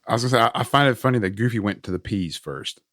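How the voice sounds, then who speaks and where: A man on a casual film podcast, expressive, acting out his reactions as he talks. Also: lowish voice, racing, no room sound, studio quality. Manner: expressive, plays out reactions in quoted asides.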